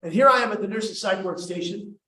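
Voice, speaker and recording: A man's voice: high voice, a little fast, bright, forceful tone. A man telling a personal story at a summit, wry and self-mocking, with humorous asides. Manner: wry, self-mocking, acts out quoted voices. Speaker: summit speaker. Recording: echoey hall from far off, faint noise.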